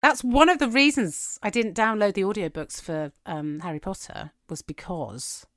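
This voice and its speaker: A woman's voice: mid-range voice, moderate pace, a bit bright, no echo, clean studio sound. A woman in her thirties, a podcast co-host chatting casually, laughing often and acting out quotes. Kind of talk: casual chat.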